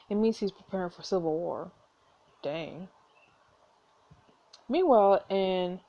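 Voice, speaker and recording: A woman's voice: mid-range voice, mellow. A woman hosting a gameplay video, reading a story game's narration aloud with giggly, chatty asides. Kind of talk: casual gameplay commentary with narration.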